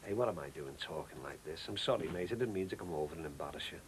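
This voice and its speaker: A man's voice: rumbling low, animated, fast, heavy background noise. An actor playing a lonely middle-aged husband, rambling and hesitant as he confides. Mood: troubled. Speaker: troubled husband. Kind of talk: soap opera acting.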